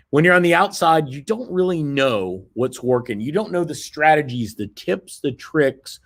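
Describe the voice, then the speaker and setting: Middle-aged guy pitching at a seminar, kinda high voice, keeps going "right?", very persuasive. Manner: persuasive, keeps adding "right?" tag questions. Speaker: seminar presenter. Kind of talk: motivational sales seminar talk.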